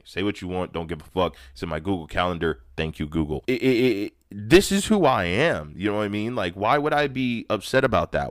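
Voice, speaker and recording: A man's voice: low voice, no room sound, studio quality. A man in his thirties hosting a podcast, giving a candid personal monologue in a blunt, profane, emphatic way, often restarting his sentences. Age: 30s. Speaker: podcast host.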